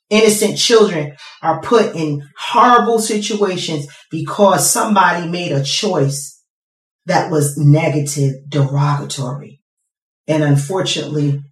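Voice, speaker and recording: A woman's voice: low-pitched, distant mic. Impassioned woman preaching in an echoey hall. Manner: impassioned, swings from quiet to shouting. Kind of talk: sermon.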